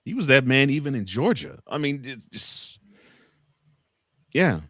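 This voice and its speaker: A man co-hosting a casual college football chat, teasing his partner and laughing loudly. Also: medium pitch, very animated, measured pace, husky, no room sound, studio quality. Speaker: co-host.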